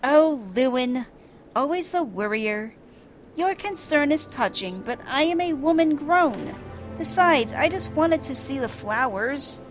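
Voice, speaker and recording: A gentle young noblewoman from a fantasy game, soft and refined, pitched high and wistful, voiced by a woman reading along. Quiet game music plays faintly beneath her. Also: animated, measured pace.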